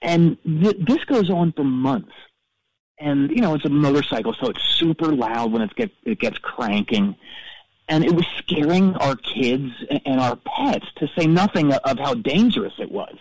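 A man's voice: fairly high pitch, lively intonation, moderate pace, vocal fry, darkish tone, dry recording, low-quality recording. A man playing a self-absorbed radio DJ who calls in to a comedy show, telling a long rambling story full of stammered restarts. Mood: deadpan. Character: vain male radio DJ, cold and self-absorbed. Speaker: caller. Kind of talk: comedic call-in character bit.

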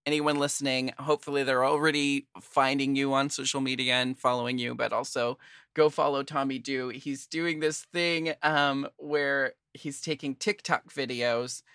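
A man's voice: mid-range voice, fairly even intonation, normal speed, bright, forceful tone, smooth, no room sound, clean studio sound. A man hosting a podcast in casual chat, talking loosely with many fillers and frequent laughs. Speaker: podcast host.

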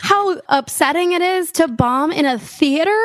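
A woman in her thirties, a stand-up comedian, chatting casually as a podcast guest and telling profane, animated stories with acted-out bits. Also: extremely high pitch, moderate pace, dry recording.

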